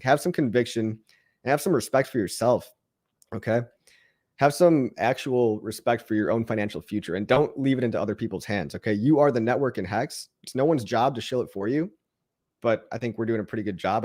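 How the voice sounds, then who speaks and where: A man's voice: medium pitch, darkish tone. A man hosting a livestream and answering chat questions in a casual, upbeat pep talk that rambles and restarts words. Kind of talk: casual motivational rant.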